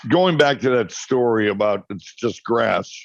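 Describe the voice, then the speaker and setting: A man's voice: mid-range voice, lively intonation, a little slow, no room sound. A man telling rambling, chatty anecdotes as a guest in a casual interview over a video call. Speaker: cannabis farmer guest. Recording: muffled dry online call audio.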